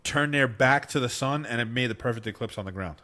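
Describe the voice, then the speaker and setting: A middle-aged man, co-hosting a casual podcast chat and telling stories in a quick, animated, swearing way. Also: medium pitch. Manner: fast, animated storytelling with swearing. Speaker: podcast co-host.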